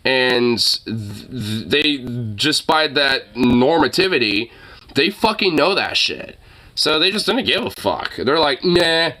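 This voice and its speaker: A man's voice: mid-range voice, sing-song, slow, pushed and bright. A young man reacting to news clips in a casual, exasperated way, swearing a lot and rambling with fillers. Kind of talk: casual profane reaction commentary.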